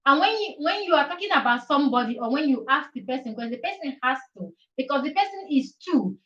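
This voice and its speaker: Slow, halting woman teaching on an echoey stream. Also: high voice, a bit bright. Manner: slow and halting, with many fillers while writing; repeats Italian verb forms slowly and encourages viewers. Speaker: Italian language tutor on a live stream. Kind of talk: live-stream language lesson. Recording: echoey, slightly dull live-stream audio.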